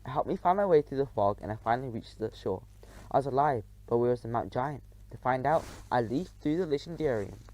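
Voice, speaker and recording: A man narrating a children's adventure audiobook in the first person, telling it in an expressive, dramatic way. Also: medium pitch, a little fast, low-quality recording.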